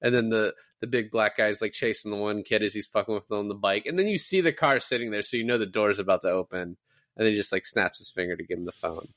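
A man's voice: fairly low pitch, fast, dry recording, studio quality. A man co-hosting a casual movie podcast, rambling and acting out lines from scenes. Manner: rambling, quotes movie lines in lively put-on voices. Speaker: podcast co-host.

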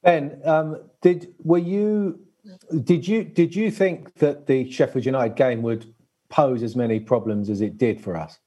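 A man's voice: medium pitch, a little slow, warm tone, husky. A man hosting a football podcast, hesitant and heavy on fillers. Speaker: podcast host. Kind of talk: casual chat, football talk.

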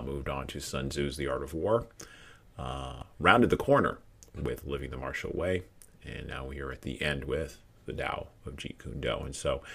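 A man hosting a podcast, wrapping up an interview in a relaxed way with frequent fillers. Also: rumbling low, gravelly. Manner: relaxed, loose closing wrap-up with fillers. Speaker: podcast host.

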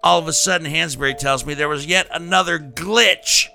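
A man's voice: fairly high pitch, moderate pace, gravelly, bright, forceful tone, soft background music. A man hosting a podcast in casual chat, often stopping, restarting and repeating his words. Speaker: podcast host.

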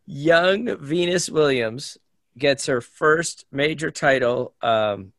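A man's voice: a little high, slow, fairly bright tone, no room sound. A man co-hosting a podcast, eagerly asking his co-hosts quiz questions in casual chat. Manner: playful, eager quizmaster. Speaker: podcast co-host running a quiz.

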